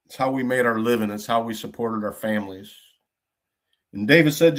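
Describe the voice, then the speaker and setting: A man's voice: mid-range voice, moderate pace. A middle-aged man from Michigan hosting a podcast, telling stories bluntly in folksy trucker slang with plenty of cursing. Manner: blunt storytelling with frequent cursing. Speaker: podcast host. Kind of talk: casual podcast monologue.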